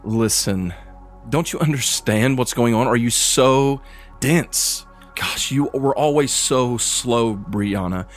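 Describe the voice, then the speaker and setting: A scheming sorceress sneers and mocks her captives, voiced by a man. Her tone is condescending and cruel. Soft music plays underneath. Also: mid-range voice, takes it slowly, voice pushed up, lightly acted. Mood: mocking. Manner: mocking, condescending.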